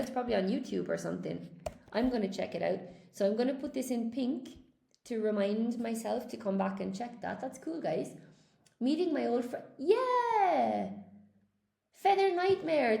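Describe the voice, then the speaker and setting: Woman teaching english live, gravelly voice, bit high, echoey room, chatty and upbeat with viewers. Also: mellow. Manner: chatty, encouraging, talks straight to viewers. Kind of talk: live-streamed lesson, reading viewer comments.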